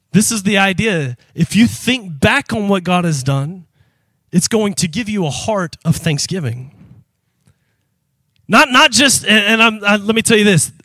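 Bright-voiced, high-pitched preaching man. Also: dry recording. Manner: animated call-and-response preaching; emphatic, breaks into shouting. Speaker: pastor. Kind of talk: sermon. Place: church sanctuary with congregation.

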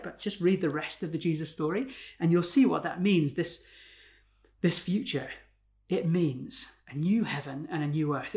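A man's voice: fairly high pitch, a little mellow. A man preaching a sermon in a conversational way, often asking rhetorical questions and ending points with tag questions.

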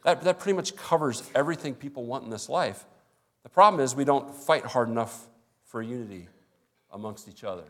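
A man's voice: mid-range voice, animated, fairly quick. A male pastor preaching a sermon in a conversational way, acting out little everyday dialogues.

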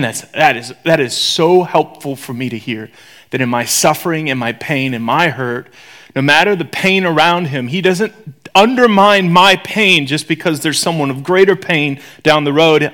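Animated man preaching a sermon. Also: a little high, moderate pace. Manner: animated, swings from loud to hushed whispers; conversational, joking, acts out voices.

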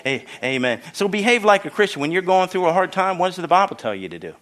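A man's voice: high-pitched, big pitch swings, fast talker, a bit bright. A man in his sixties from the Philadelphia area, preaching a sermon as guest pastor with jokes and frequent hallelujahs. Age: 60s. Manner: joking, exclamatory, frequent hallelujahs.

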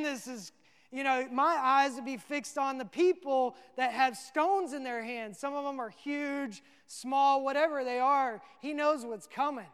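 A man's voice: extremely high pitch, a little slow, fairly bright tone, clean tone. A male pastor preaching a sermon, earnest and rising to emphatic peaks. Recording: long reverb of a hall.

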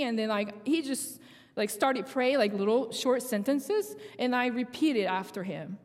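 A young woman with a Korean accent, a native Korean speaker, giving a sermon testimony in animated storytelling that acts out dialogue, with halting phrasing. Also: fairly high pitch. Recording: long hall reverb.

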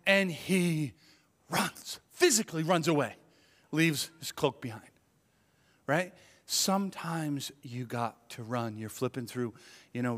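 Pastor, man, slightly high voice, lively conversational sermon delivery, church hall with a long echo. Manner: conversational, animated, acts out inner thoughts.

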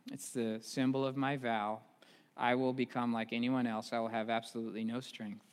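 A man doing a low, weary strongman giving in. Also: level tone, moderate pace, long reverb tail, natural voice. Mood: resigned. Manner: low, subdued and resigned.

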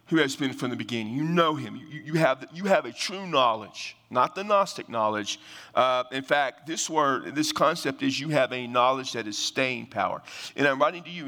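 A man's voice: mid-range voice, bright, forceful tone. An older man preaching a sermon, explaining scripture in a conversational way, often restarting phrases and using fillers. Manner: conversational Bible teaching with frequent restarts and fillers. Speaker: pastor. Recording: long hall reverb.

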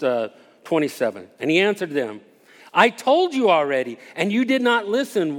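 Male preacher, slightly high voice, emphatic and conversational, long hall reverb. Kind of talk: sermon.

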